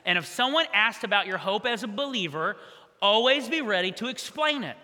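Bright-voiced preacher man in a reverberant hall. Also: high-pitched, brisk. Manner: energetic, conversational preaching with asides. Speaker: pastor. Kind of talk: sermon. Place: church hall. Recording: long church hall reverb.

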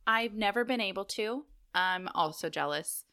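Woman, podcast co-host, bright voice, giggly, jokey, casual chat. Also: medium pitch, normal speed. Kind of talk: casual chat and reading a list.

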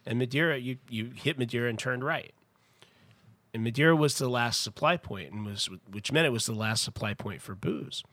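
A man's voice: mid-range voice, moderate pace, pushed and bright, no room sound. Chatty man rambling through wine history. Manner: chatty, rambling with restarts and asides. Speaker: wine importer guest. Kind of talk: casual podcast storytelling.

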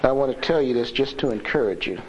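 A man's voice: mid-range voice, lively intonation, quick pace. Man preaching earnestly on a lo-fi recording. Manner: earnest, emphatic, shifts between loud and soft. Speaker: conference speaker on evangelism. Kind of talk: conversational sermon. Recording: dull lo-fi recording with faint hiss.

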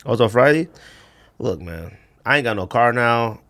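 A man co-hosting a podcast in casual chat, telling a story animatedly, acting out quotes and saying bruh and man a lot. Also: normal speed. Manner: animated storyteller, acts out quotes with big pitch jumps. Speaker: podcast co-host.

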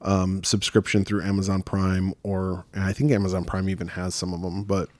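A man's voice: low voice, monotone, moderate pace, a little mellow, no echo. A man hosting a casual horror podcast, talking loosely with many fillers and restarts. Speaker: podcast host. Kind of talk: casual chat.

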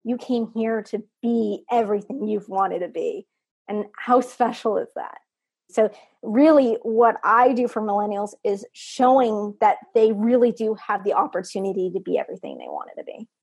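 Husky-voiced woman from Texas, earnest. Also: medium pitch, expressive, normal speed, darkish tone. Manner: earnest and reflective, laughs at herself. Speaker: podcast guest. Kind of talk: heartfelt interview talk.

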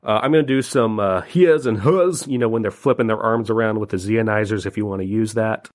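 A playful, energetic man with a slightly hoarse throat, recording bits for a podcast. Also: lowish voice, fairly quick. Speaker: podcast contributor. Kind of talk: casual recorded message.

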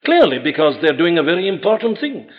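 A man preaching a sermon in an emphatic, rhetorical manner, rising to forceful peaks. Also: on the high side, big pitch swings, fairly quick. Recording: dull old recording in a large reverberant hall.

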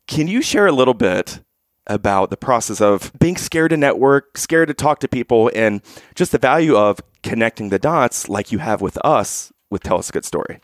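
A male podcast co-host poses an admiring question to his guest, his pitch rising and falling very expressively. The sound is dry and close, with no room around it. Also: expressive, moderate pace, dry recording. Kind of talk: interview questions.

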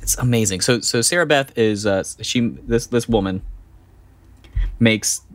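A man's voice: mid-range voice, a bit bright. A middle-aged man co-hosting a casual podcast chat, rambling a bit and laughing easily. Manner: chatty, rambling with restarts and a quick laugh. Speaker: podcast co-host.

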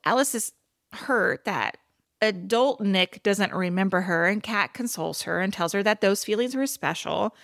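A woman's voice: medium pitch, moderate pace, creaky, a bit bright, no room sound, clean studio sound. A woman co-hosting a podcast, recapping a TV episode in casual chat with blunt, exasperated asides. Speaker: podcast co-host.

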